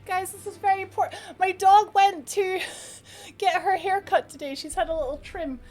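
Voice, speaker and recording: A woman's voice: very high-pitched, steady tone, normal speed, darkish tone. A woman streaming a game live, chatting casually with viewers, giggling and cooing to her dog.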